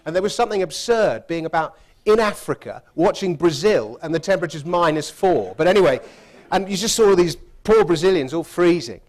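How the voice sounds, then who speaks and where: A man's voice: on the high side, expressive, a little fast, a little mellow. A man telling a funny travel story in a chatty way, laughing as he goes. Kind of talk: anecdotal storytelling talk.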